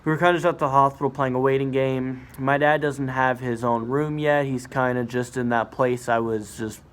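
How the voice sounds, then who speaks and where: Here a young man, ill enough that it shows in his voice, films a casual vlog between a hospital ward and a nighttime car ride. He speaks at a medium pitch with a steady, smooth tone and moderate pace, wandering through many fillers and restarts.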